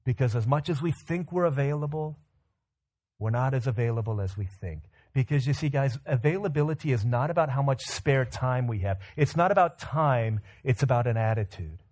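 A man preaches to his congregation in an easy, conversational way. He leans on rhetorical questions and slips into little acted-out voices as he tells a story. His pitch sits in the middle range. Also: expressive, brisk, a little mellow. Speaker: pastor. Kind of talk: sermon.

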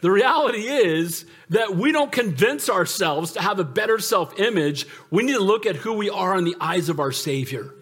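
A man with a high-pitched voice preaches to his congregation, emphatic and conversational. He jokes with the listeners and keeps calling out for amens. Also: animated, normal speed, few pauses, a bit bright, breathy edge. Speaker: pastor. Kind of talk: sermon.

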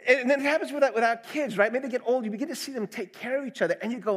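A man's voice: very high-pitched, sing-song, fast talker, few pauses, a bit bright, husky. A middle-aged man preaching a sermon, earnest and conversational, asking the congregation questions. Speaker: pastor.

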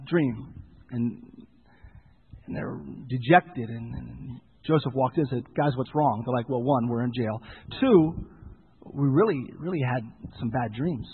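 A man preaching a sermon, retelling a Bible story with lively storytelling and acted-out lines for the characters. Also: medium pitch, breathy edge, big-room sound. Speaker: pastor. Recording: tinny phone-like sound.

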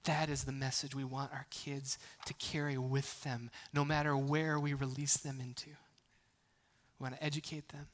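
Preaching in a conversational style, this male pastor keeps restarting and slipping in playful asides, alternating near-whispered lines with loud, forceful bursts. His medium-pitched voice holds a level tone at a normal speed, and he weaves humor between earnest points.

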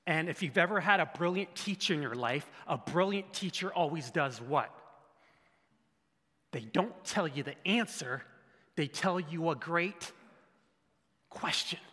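A man preaching a sermon in an animated way, asking the crowd rhetorical questions and breaking into sudden shouts. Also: fairly high pitch, a little slow, long pauses. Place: church hall. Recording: echoey hall with long reverb.

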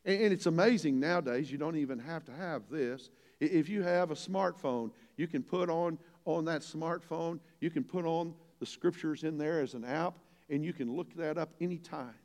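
Folksy older pastor in a reverberant hall. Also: male voice, on the high side, moderate pace, few pauses, a little mellow. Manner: folksy, earnest, rises to emphatic preaching. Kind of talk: sermon.

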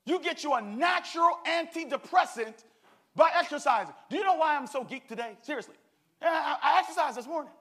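Pastor, male, high bright voice, lively call-and-response preaching. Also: a little fast. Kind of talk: sermon.

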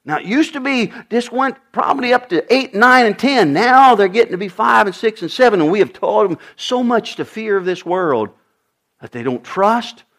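A man's voice: sits high, lively intonation, normal speed, a bit bright. An older man preaching a sermon to his congregation, emphatic and repetitive, often asking his listeners questions. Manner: emphatic, repeats phrases, asks the congregation questions. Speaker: pastor.

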